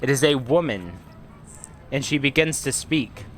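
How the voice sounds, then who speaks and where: A man's voice: medium pitch, expressive, a little slow, faint music behind, poor audio. A young man narrating a tabletop game as game master, casual and teasing, often stumbling over words.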